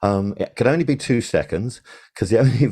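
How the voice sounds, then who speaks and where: Older male guest, deep and mellow voice, chatty storyteller who restarts often. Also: lively intonation, a little fast, slightly rough. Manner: rambling anecdotes with many fillers and restarts. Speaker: podcast guest, sound supervisor. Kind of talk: casual interview.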